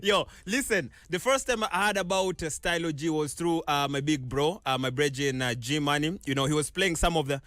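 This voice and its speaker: A man co-hosting a radio show, chatty and easygoing, with a voice that sits high for a man. The sound is dry and close, as in a small studio booth. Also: moderate pace, hardly any pauses, fairly bright tone, no echo. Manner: laid-back, many short agreeing sounds. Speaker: radio host. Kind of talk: casual interview chat.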